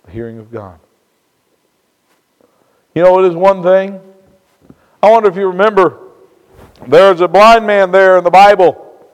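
A pastor from Indiana delivers a sermon in a strikingly high voice. He drops to hushed, low passages, then rises to loud, slow, emphatic preaching. The sound carries the long reverb of a large hall. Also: clear, resonant tone.

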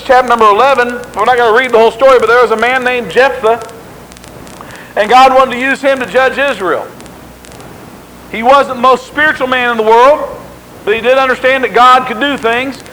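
Male preacher, very high bright voice, conversational emphasis, faint hiss behind. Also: low-quality recording. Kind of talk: sermon.

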